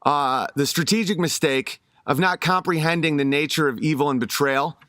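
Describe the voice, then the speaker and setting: Man, fairly high voice, rambling casual monologue, dry close recording. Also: normal speed, sharp tone, dry recording. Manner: rambling, with many fillers and restarts.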